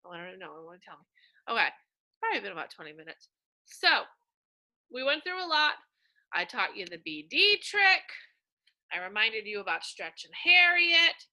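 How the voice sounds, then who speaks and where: A woman teacher giving a slow, coaxing reading lesson to young children, sounding out words in a sing-song way. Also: a little high, sing-song, pushed and bright.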